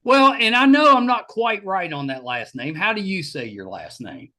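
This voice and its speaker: A man's voice: sits high, animated, moderate pace, bright, forceful tone. A man with a West Virginia accent hosting a podcast interview, enthusiastic and friendly. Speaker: podcast host. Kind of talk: casual interview.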